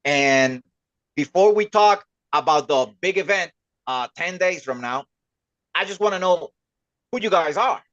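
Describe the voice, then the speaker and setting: Bright-toned, halting male host. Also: high-pitched, no echo, highs cut off. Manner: relaxed, halting, repeats words. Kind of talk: casual interview on a livestream.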